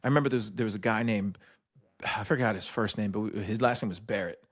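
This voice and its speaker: A man's voice: lowish voice, fast talker. A man hosting a podcast, telling barracks stories animatedly and swearing freely. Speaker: podcast host. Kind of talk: casual conversation, storytelling.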